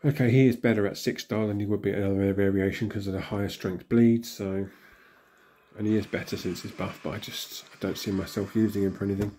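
A hoarse man, still recovering from illness, casually commenting and muttering reactions as he opens in-game crystals. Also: lowish voice, steady tone, quick pace, warm tone. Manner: chatty, mutters reactions to himself. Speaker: gaming channel host.

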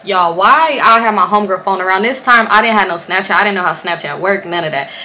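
A young woman chats straight to her camera at home, spinning a storytime in a casual, animated way. Her voice is bright and a little forceful, and she swears freely and acts out what everyone said. Faint background noise sits under her voice. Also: medium pitch, fast. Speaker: vlogger. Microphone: camera or phone on a stand.

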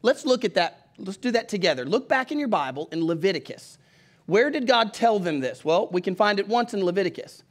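Preaching a folksy sermon, a middle-aged male pastor with a Southern country accent calls on the congregation to read along with him. His high voice makes big pitch swings, and he speaks a little fast.

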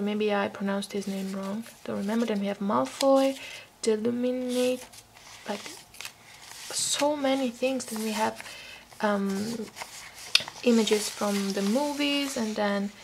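Slow, gravelly Italian woman with sore throat. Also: a little high, background noise. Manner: soft-spoken, drops to whispers, apologetic asides. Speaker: craft vlogger opening mail. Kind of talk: casual show-and-tell chat.

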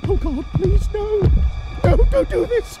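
A woman's voice: very high voice, animated, measured pace, over loud music. An actress playing a frightened young woman locked in a room, pleading urgently.

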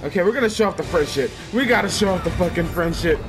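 A man giving casual, excitable commentary on his own gameplay, swearing, laughing and yelping at the action. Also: high-pitched, fast. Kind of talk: casual let's-play commentary. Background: game music and sound effects.

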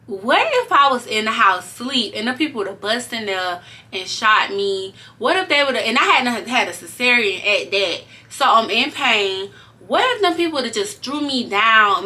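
A young woman telling a story to her viewers in a casual, animated way, swearing freely as she goes. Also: a little high, moderate pace. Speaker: vlogger.

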